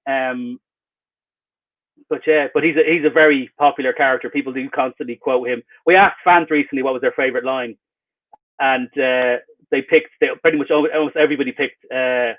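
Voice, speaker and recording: A man's voice: mid-range voice, fairly even intonation, fairly quick. A man, an author, giving rambling, wry and self-mocking answers in a casual interview over a video call. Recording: tinny phone-like video call line.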